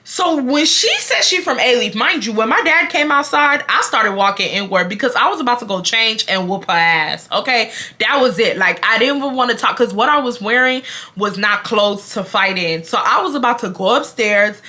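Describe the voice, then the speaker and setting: This young woman from Texas tells her story in a voice that sits high and swings wildly up and down. Her tone is bright and sharp, and she talks in a dramatic, profane way, speaking straight to her viewers. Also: lively intonation, normal speed. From Houston, Texas. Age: 20s. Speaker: storytime vlogger. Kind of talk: casual storytelling.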